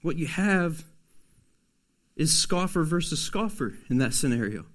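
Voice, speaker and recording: Man preaching with soft-to-loud swings. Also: a little high, animated, a little slow. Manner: swings from loud emphatic pushes to soft, hushed asides. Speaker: pastor. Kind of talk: sermon.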